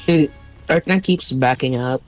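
A woman playing as a teammate in a live game, swearing freely and shouting calls to the team. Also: a bass voice, a little slow, faint music behind. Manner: swears and trash-talks freely. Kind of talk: live gameplay chat.

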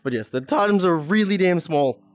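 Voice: mid-range voice, lively intonation, moderate pace, no echo, soft background music. A streamer chatting casually during a VR game, giggling a lot and swearing often, speaking into a headset mic. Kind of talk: casual live-stream chat while playing a VR game.

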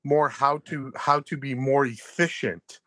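A man's voice: medium pitch, fairly even intonation, a little slow, bright, forceful tone, no echo. A man talking as a guest, hesitant and full of fillers. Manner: hesitant, uses many fillers.

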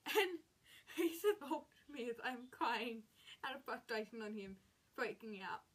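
A young woman in her late teens vents through a storytime rant, her voice sitting a touch high. She retells each clash with emphatic exasperation, leaning hard on the words that annoyed her. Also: lively intonation, unhurried, fairly bright tone, slightly rough. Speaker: vlogger.

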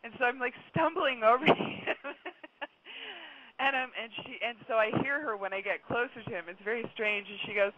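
A woman with a high, bright-sounding voice rattles through a story with animated, laughing energy. The sound is dull and lo-fi, with a faint hiss underneath. She talks like a regular guest on a call-in radio chat. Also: a little fast. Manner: chatty storyteller, laughs often.

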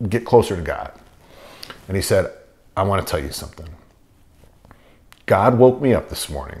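Earnest man telling his faith story. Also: on the low side. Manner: earnest, rambling storytelling with many fillers and restarts. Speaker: testimony speaker. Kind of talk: personal faith testimony.

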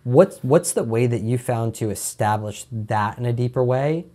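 A man's voice: mid-range voice, normal speed, mellow. A man hosting a podcast, asking a guest questions in a casual, rambling way. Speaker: podcast host. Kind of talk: interview questions, casual chat.

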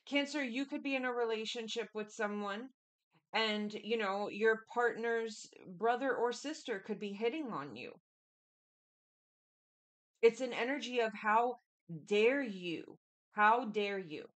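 A woman's voice: fairly high pitch, a little slow, a bit bright. A woman giving a casual tarot reading, chatty and repetitive, speaking straight to the listener. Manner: chatty, repetitive, keeps addressing the listener directly. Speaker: tarot reader.

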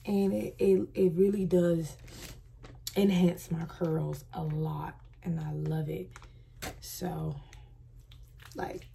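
A young woman chatting casually to camera in a beauty vlog, soft and relaxed, with slangy asides. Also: fairly low pitch, vocal fry, husky, poor audio. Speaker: beauty vlogger.

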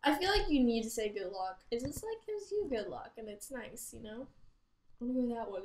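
Chatty young-sounding woman with a high voice. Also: very animated, a little fast, slight background noise. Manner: chatty, rambling, giggly, exclaims loudly. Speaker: gaming channel host. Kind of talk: casual gameplay commentary. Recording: roomy echo.

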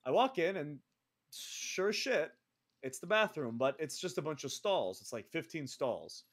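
A man's voice: fairly high pitch, sing-song, measured pace. A man co-hosting a podcast, telling a profane, self-mocking story in a casual way. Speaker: co-host of a wrestling podcast.

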